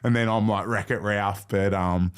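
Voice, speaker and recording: An Australian man on a podcast, telling a story quickly with swearing and laughs. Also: lowish voice, fairly even intonation, smooth. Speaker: podcast co-host. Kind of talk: casual chat.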